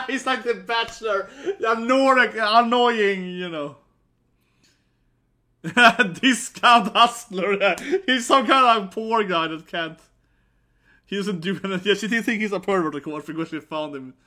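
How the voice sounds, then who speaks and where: Excitable, very bright-voiced man reacting. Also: sits high, unhurried. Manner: laughs often, exclaims, tags lines with "right?" and "man". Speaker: reaction video host. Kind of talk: excited live reaction commentary.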